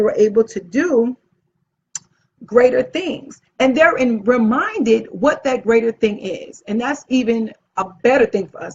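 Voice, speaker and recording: A woman's voice: fairly high pitch, husky, dull audio. A woman who plans events, giving an enthusiastic motivational talk to camera and talking with her hands. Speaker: event planner and channel host.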